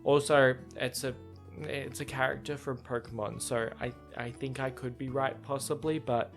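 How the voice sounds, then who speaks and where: A man who reads a novel aloud and reacts to it in a chatty, excitable way. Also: mid-range voice, moderate pace, faint music behind. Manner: excitable, chatty, laughs often. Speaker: book reaction vlogger. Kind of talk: casual reading and reaction.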